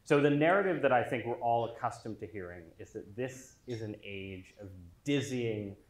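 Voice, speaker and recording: A man's voice: medium pitch, normal speed. A man giving an after-dinner lecture to a dinner crowd, joking at his own expense and leaning on ums. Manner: self-deprecating, joking, with filler ums. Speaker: featured dinner speaker. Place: large dining hall. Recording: echoey hall with faint noise.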